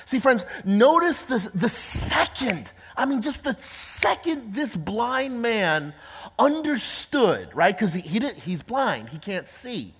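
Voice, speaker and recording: A woman pastor preaching an emphatic, repetitive sermon that builds to shouts. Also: fairly high pitch, big pitch swings, takes it slowly, breathy edge. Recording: long reverb of a large hall.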